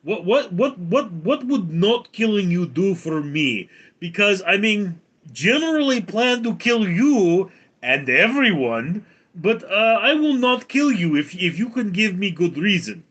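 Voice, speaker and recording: A man's voice: high voice, very animated, unhurried, a bit bright, slightly rough, pitched above the performer's own voice, full character voice. A man doing a comic impression of a menacing male dictator, with a put-on Russian accent, broken grammar and bullying demands. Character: blustering menacing male dictator, gruff and threatening.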